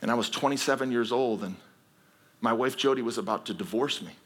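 Husky, bright-voiced preaching man. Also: mid-range voice, brisk. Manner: earnest storytelling, rising to emphatic exhortation. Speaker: pastor. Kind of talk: sermon.

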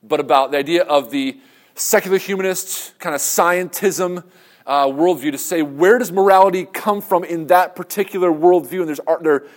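A man's voice: fairly high pitch, moderate pace. A man giving a talk on faith and ethics, earnest and conversational, asking rhetorical questions and restarting his phrases. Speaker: speaker on Christian apologetics. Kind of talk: lecture with audience Q and A.

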